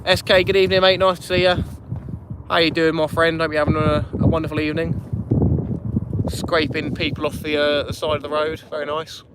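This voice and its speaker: A friendly man runs a live stream from a little inflatable boat out on a harbour at night. He chats easily and greets viewers one by one, his voice sitting slightly high. Wind buffets the action camera throughout. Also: little pitch movement, a little fast. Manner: chatty, greets viewers by name. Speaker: fishing channel host. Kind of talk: live-streamed fishing chat. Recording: wind noise on an open boat. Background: wind and water.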